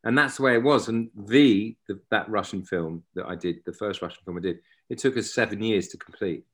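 A man in his forties with a fairly low voice. He is a guest actor who rambles through casual stories, restarting his sentences as he goes. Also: fairly quick, fairly bright tone, breathy edge. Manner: rambling, self-interrupting, anecdotal. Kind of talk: casual interview chat.

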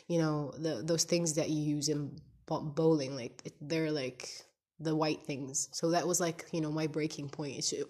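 A woman's voice: low voice, darkish tone. A young woman in her twenties, English not her first language, with a stuffy nose from crying, talking candidly in a rambling podcast-style video diary and searching for words. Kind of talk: casual confessional video diary.

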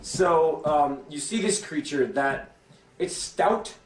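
Young man running a tabletop game. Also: a little high. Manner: halting, many restarts and fillers. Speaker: game master. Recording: echoey room with faint music.

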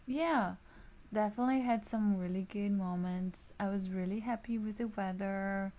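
A woman's voice: mid-range voice, fairly even intonation, moderate pace, darkish tone. A woman, a music student, telling stories in casual chat, upbeat and laughing mid-sentence.

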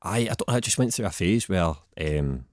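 A man's voice: sits low, animated, moderate pace, a little mellow. A young Glaswegian man talking as a guest on a podcast, telling stories in a laid-back, chatty way. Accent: Scottish, Glaswegian. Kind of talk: casual chat.

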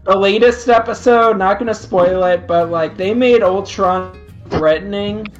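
A man's voice: high voice, a little slow. A man co-hosting a casual podcast, hesitant and full of fillers. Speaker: podcast co-host. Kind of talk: casual chat. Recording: dull lo-fi recording with faint music.

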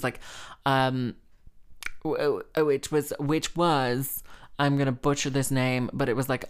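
A woman who plays the harp, telling a rambling, chatty anecdote full of "like" and small laughs. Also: extremely low pitch. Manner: chatty and rambling, heavy use of "like", laughing between phrases. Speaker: harpist. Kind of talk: casual anecdote storytelling.

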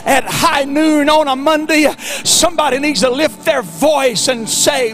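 High-voiced preaching pastor, fervent and slow. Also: male voice, steady tone. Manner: impassioned preaching, swings from soft to shouting; stretches key words out slowly. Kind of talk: sermon. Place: church sanctuary.

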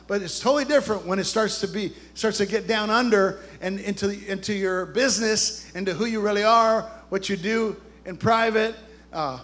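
A man's voice: high-pitched, fairly bright tone. A man preaching a sermon in an emphatic, rousing way, calling out to his congregation. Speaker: pastor.

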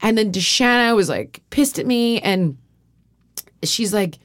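Podcast host, woman, candid and profane, rambles through stories with restarts, mid-pitched, dry close sound. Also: lively intonation, unhurried, a bit bright, dry recording. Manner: frequent fillers and restarts. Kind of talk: casual podcast chat.

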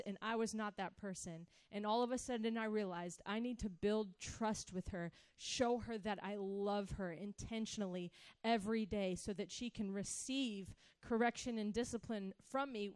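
A middle-aged woman telling a personal story in an animated way, acting out the voices she quotes. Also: medium pitch, a little slow, clean tone, no room sound. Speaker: speaker sharing a personal story.

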